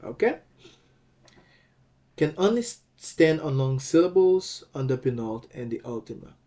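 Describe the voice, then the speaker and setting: Male teacher, mid pitch, unhurried and patient, spells out each syllable and checks understanding often. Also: lively intonation, warm tone. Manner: patient, repeats and checks with "okay?"; sounds out words syllable by syllable. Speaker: language teacher. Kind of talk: slow explanatory lecture.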